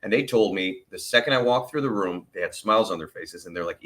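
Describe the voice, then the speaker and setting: Earnest man, bright and forceful tone, candid personal storytelling, plain-spoken. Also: deep voice, expressive, quick pace, few pauses. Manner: earnest and openly emotional; plain-spoken, with the odd curse. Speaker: vlogger sharing his chronic illness story.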